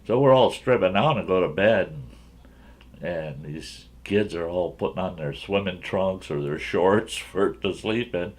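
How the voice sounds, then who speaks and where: A man's voice: low voice, measured pace. A man hosting his own channel, telling a folksy, rambling story from his younger days and often chuckling as he goes.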